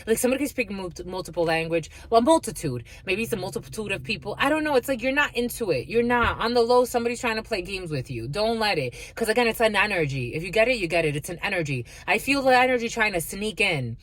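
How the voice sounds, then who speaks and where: A woman's voice: medium pitch, animated, quick pace, few pauses, no echo. Woman doing a spiritual reading, swears a lot, laughs, dry close sound. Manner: blunt, swears freely, laughs often, calls listeners "my lovies". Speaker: spiritual reader. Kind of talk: casual spiritual reading monologue.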